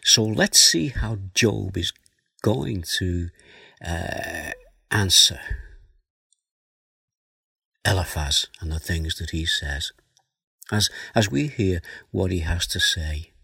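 A man giving a slow, earnest Bible teaching sermon, reading verses aloud and then explaining them. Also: low-pitched, animated, vocal fry, pushed and bright, slightly rough, no echo, clean studio sound. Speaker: preacher.

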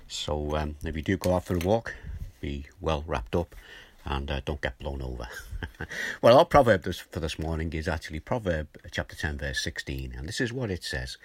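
An older man giving a gentle, conversational morning devotional as a preacher, reading and explaining a scripture verse. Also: rumbling low, expressive, moderate pace, a little hiss or hum. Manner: gentle, conversational, chuckles now and then.

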